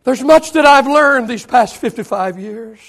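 A man in his fifties preaching a sermon to a church, swinging between loud declarations and hushed whispers. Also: very high-pitched, expressive, measured pace. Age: 50s. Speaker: pastor.

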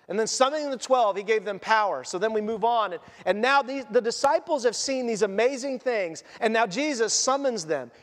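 A man preaching a sermon in a conversational, animated storytelling manner. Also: very high voice, brisk, few pauses. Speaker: pastor. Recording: long church reverb.

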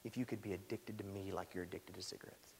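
A man voicing the Holy Spirit as a gentle male divine voice, speaking softly and low. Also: steady tone, fast talker, creaky, a little hiss or hum. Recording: echoey hall.

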